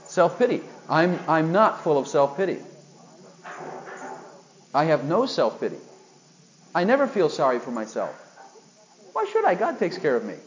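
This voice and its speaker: A man's voice: on the high side, wildly swooping pitch, moderate pace, long pauses, slight background noise, low-quality recording. A man preaching a sermon, emphatic and full of rhetorical questions aimed at his listeners.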